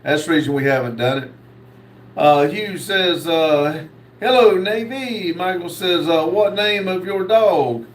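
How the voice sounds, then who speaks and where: A man hosting a live stream, reading viewer comments aloud and answering them, with many pauses and fillers. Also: fairly high pitch, roomy sound, distant mic, rough recording. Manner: slow, reads comments aloud with many uhs. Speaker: host reading live chat. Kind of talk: casual live stream chat.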